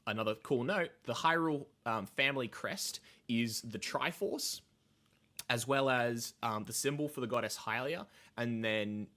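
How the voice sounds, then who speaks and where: A man's voice: mid-range voice, a little slow, pushed and bright. A man hosting a casual podcast, talking through game lore in a rambling, hesitant way with lots of fillers and swearing. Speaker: podcast host, lore explainer. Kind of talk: casual chat, explaining lore.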